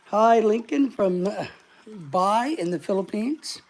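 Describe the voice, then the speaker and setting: A woman's voice: medium pitch, animated, slow pace, a little mellow. Breathless woman hosting a casual live stream. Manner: rambling, greets viewers by name. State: short of breath.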